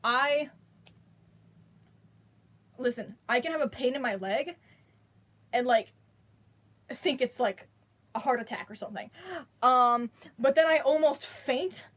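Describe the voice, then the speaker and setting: A woman's voice: high voice, slow pace, long pauses, a bit bright. A woman vlogger telling a personal story in a rambling, slangy way, full of restarts and bursts of laughter. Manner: breaks into laughter while telling it. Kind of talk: casual storytelling.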